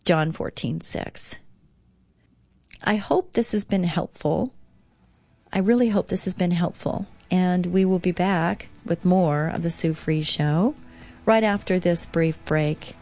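A woman's voice: lowish voice, darkish tone. Earnest woman hosting a devotional show. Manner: earnest, reads devotional text slowly. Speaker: radio show host.

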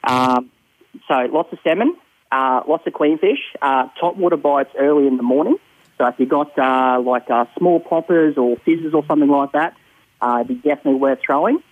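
A man's voice: on the high side, moderate pace, no room sound. Australian man on a tinny phone line. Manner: relaxed, rambling with many ums and uhs. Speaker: fishing report caller. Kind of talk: casual radio phone chat.

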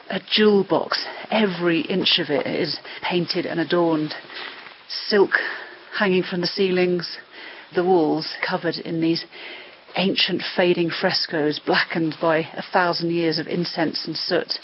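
Brief: lowish female reporter, slightly breathless location narration, faint outdoor ambience. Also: highs cut off, a little hiss or hum. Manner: descriptive, awed storytelling. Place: outdoors in a mountain village.

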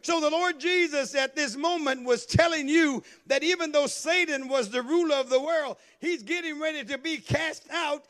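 A man with a strikingly high voice preaches a sermon. He calls out to the congregation and swells into shouted, sing-song phrases as he builds. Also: normal speed, few pauses. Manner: call-and-response preaching, rising into shouted, half-sung cadences. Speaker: pastor.

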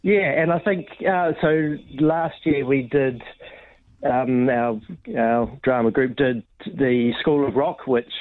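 A man speaks over a muffled, dry phone line to radio hosts about his drama group. He talks haltingly, stopping often with ums and restarts, in a mid-pitched voice. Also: no room sound. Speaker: caller, drama group organizer. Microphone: telephone.

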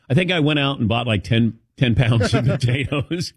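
A man's voice: lowish voice, animated, fairly quick, darkish tone, breathy edge, dry recording, clean studio sound. A man hosting a casual chat show, telling rambling personal stories. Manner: rambling anecdotal storytelling. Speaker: host.

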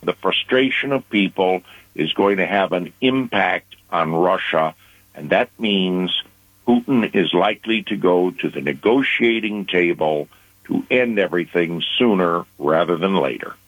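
A man giving deliberate, measured foreign affairs commentary on a news program, pausing for emphasis. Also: deep voice, animated, fairly bright tone, husky, no room sound. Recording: phone-line radio audio.

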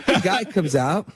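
A man, a guest actor, telling casual anecdotes in an animated way and laughing through them. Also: fairly low pitch.

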